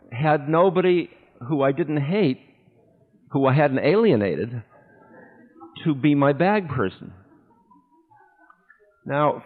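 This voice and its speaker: A man as a spiritual teacher, telling a personal story to an audience in a candid, self-mocking way that breaks into laughter. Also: medium pitch. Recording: echoey hall, dull older recording.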